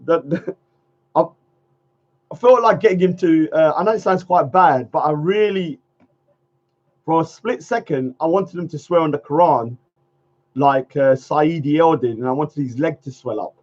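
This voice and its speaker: A man's voice: on the high side, moderate pace, pauses often, a little mellow. A man hosting a casual livestream chat, rambling, laughing often and trailing off mid-sentence. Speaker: livestream host. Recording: dull lo-fi stream audio.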